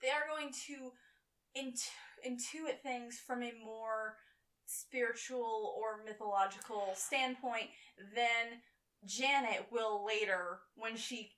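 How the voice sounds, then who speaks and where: Woman, bright tone, slightly high, distant mic, animated casual chat. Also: slow pace. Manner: animated, acts out characters' lines. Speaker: podcast co-host. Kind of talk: casual chat recapping a TV episode.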